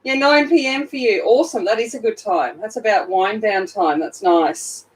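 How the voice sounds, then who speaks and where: Just awake and sleepy, an Australian woman runs a casual phone livestream, chatting with viewers and greeting them by name as she colours. She speaks at normal speed in a mid-range voice, and the recording is low quality.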